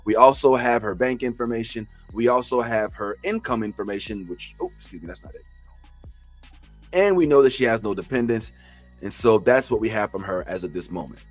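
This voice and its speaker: Animated male tax trainer. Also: on the low side, brisk, soft background music. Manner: animated, joking, preacher-like outbursts. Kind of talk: classroom training.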